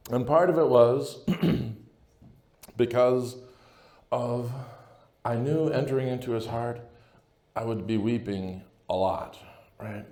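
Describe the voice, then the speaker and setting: A man with a warm, mellow voice gives an earnest talk to a conference crowd. He speaks in a casual, personal way and keeps checking in with his listeners. The sound rings in a large echoey hall. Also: medium pitch, slow pace, pauses often. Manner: earnest, conversational, keeps asking "right?". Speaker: priest.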